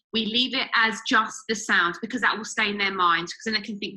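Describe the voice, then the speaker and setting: A woman's voice: fairly high pitch, brisk, few pauses, bright, forceful tone, low-quality recording. A woman teacher explaining a writing method to parents, step by step with the odd filler.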